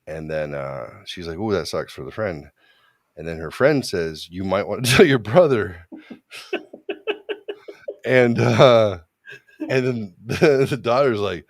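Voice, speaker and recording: A man's voice: fairly low pitch, animated, takes it slowly, pauses often, no echo, clean studio sound. A man co-hosting an online talk show, telling crude stories in a rambling, joking way. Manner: rambling, joking, voices quoted people. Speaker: podcast co-host. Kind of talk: casual chat, crude storytelling.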